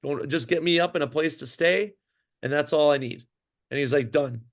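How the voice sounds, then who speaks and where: A slightly high-voiced man talks at a moderate pace, recounting a long story in a casual interview. He's a Minnesotan and ex-pro hockey goalie whose animated, rambling telling is loaded with fillers and restarts.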